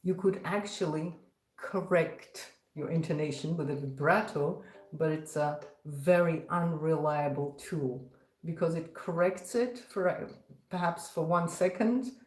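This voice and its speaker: A woman's voice: deep voice, unhurried, a little mellow. A woman teaching violin in a live-streamed lesson, patiently explaining step by step between passages she plays. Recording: roomy echo, violin playing around speech.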